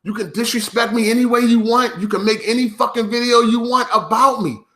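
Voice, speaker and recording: Man, vlogger, high and sharp-toned, profane repetitive rant to camera. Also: fairly quick. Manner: profane, repetitive, emphatic ranting. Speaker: YouTuber.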